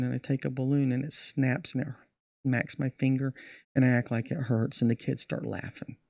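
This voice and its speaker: A man's voice: medium pitch, normal speed, creaky, no room sound, studio quality. A middle-aged man, a magician, telling stories from his show in a casual podcast interview. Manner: animated storyteller acting out his show. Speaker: magician guest.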